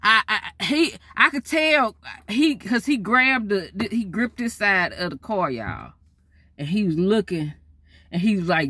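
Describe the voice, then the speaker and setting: A woman, telling a story to her viewers in a chatty, animated way. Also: medium pitch, unhurried, dry recording. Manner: lively, chatty, talks straight to viewers.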